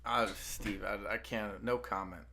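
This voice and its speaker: A young man with a low, gravelly voice, chatting loosely and filling his talk with slang and filler words. A faint hiss sits under the audio. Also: fairly even intonation, measured pace, sharp tone. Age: young adult. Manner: slangy and laid-back, with lots of filler words. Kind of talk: casual chat.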